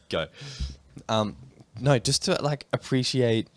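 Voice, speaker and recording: A man co-hosting a podcast in a studio, chatting casually with short reactions and quick asides. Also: mid-range voice, no room sound. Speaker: podcast co-host. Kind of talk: casual chat.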